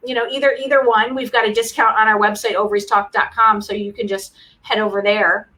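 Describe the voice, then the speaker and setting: A woman co-hosting a podcast in casual chat, animated and opinionated, teasing her co-host. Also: mid-range voice, brisk, low-quality recording.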